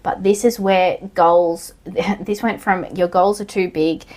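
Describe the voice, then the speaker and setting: A woman, talking through a solo coaching podcast in a blunt, casual way, swearing now and then and yelling out acted lines. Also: lowish voice, steady tone, measured pace. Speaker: online coach and physiotherapist.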